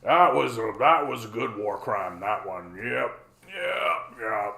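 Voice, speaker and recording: A man's voice: fairly low pitch, takes it slowly, gravelly, pushed and bright, reverberant, full character voice. A man voicing a smug older male hawk who boasts of war crimes in a folksy, self-satisfied drawl. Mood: smug boasting.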